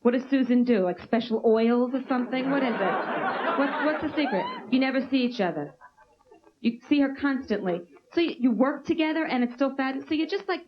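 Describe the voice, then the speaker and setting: A woman doing a stand-up routine, brashly teasing audience members. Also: high-pitched. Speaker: stand-up comedian. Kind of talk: stand-up routine with crowd work. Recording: muffled old VHS tape with hiss.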